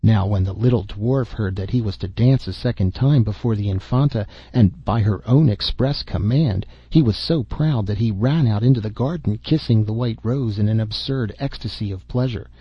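A man narrating a classic fairy tale in a measured, even reading. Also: on the low side, breathy edge, no room sound. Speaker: audiobook narrator. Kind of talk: storybook narration. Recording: dull, dry lo-fi recording.

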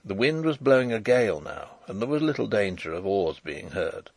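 A man narrating a novel chapter aloud in a measured, expressive reading. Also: fairly low pitch, dry recording. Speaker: audiobook narrator.

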